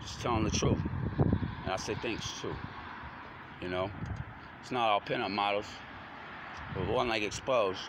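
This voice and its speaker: A man's voice: lowish voice, a little slow, long pauses. A grown man talking in a rambling, slangy stream of consciousness, full of rhyming wordplay. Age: adult. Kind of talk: rambling freestyle monologue. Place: outdoors on a front porch at night. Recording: noisy outdoor recording with traffic.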